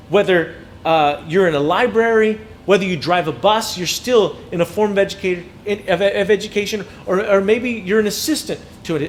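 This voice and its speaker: A man's voice: high-pitched, slight background noise. A man in his thirties telling personal stories as a motivational speaker to educators, acting out quotes and often repeating words. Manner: animated storyteller, acts out quotes, repeats words. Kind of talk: storytelling keynote speech.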